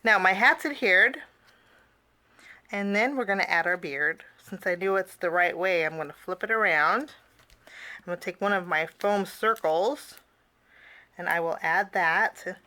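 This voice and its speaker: A woman's voice: lowish voice, measured pace, bright, forceful tone. A woman teaching a casual cardmaking tutorial, chatty, with personal asides and frequent fillers.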